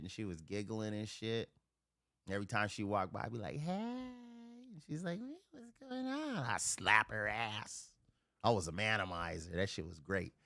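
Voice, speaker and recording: A man's voice: fairly low pitch, dry recording, studio quality. Profane man telling a wild story. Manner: profane, animated storyteller acting out the voices of others. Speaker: livestream host. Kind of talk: casual storytelling on a livestream.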